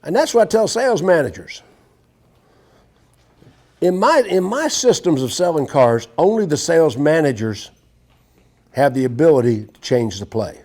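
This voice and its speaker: A man's voice: on the high side, sing-song, normal speed, long pauses, a little mellow. A man teaching a live sales seminar to an audience, brash and profane as he tells stories. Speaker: sales trainer.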